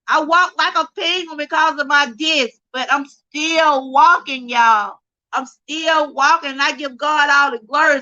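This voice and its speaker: Woman, middle-aged, high bright voice, emotional and near tears, fervent livestream testimony. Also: rough recording. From Georgia, USA. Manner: fervent, preacher-like, addresses viewers as y'all. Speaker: livestream host.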